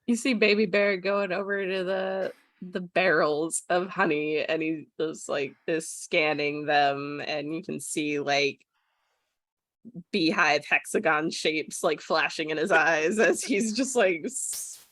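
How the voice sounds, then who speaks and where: A woman's voice: low voice, fairly even intonation, slow pace, fairly bright tone. A woman narrating as game master of a tabletop game, giggly and rambling, with many fillers.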